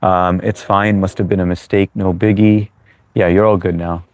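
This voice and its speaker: A man's voice: low-pitched, little pitch movement, normal speed. An American-born man hosting a live chat Q&A, chatty and reassuring, with many fillers as he answers viewers. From United States. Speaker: livestream host. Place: New York.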